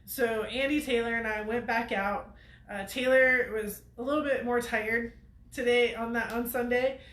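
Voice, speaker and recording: A woman's voice: a little high, fairly even intonation, moderate pace, fairly bright tone, roomy sound. A woman hosting a weekly show, telling a story to viewers in a chatty way and laughing often. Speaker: host of a weekly off-road show.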